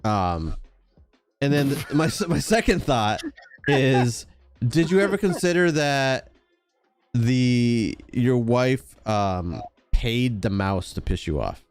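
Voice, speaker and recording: A man's voice: medium pitch, expressive, slow pace, soft background music. A man co-hosting a stream in casual chat, teasing and reading chat aloud.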